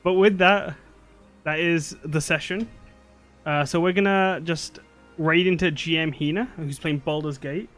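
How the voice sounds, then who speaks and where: A relaxed male game master signs off a streamed tabletop session in a rambling, easygoing way, dropping the odd casual curse. His voice sits a little high, with soft music playing faintly behind him. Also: a little slow. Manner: laid-back, rambling, swears casually. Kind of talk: casual wrap-up chat.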